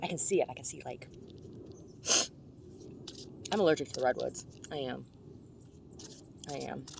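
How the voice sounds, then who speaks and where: Gravelly-voiced woman chatting outdoors. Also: very deep voice, normal speed, a little mellow, slight background noise. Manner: chatty, self-deprecating, laughs at her own jokes. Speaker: vlogger doing tarot card readings. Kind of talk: casual rambling chat. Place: outdoors among redwoods.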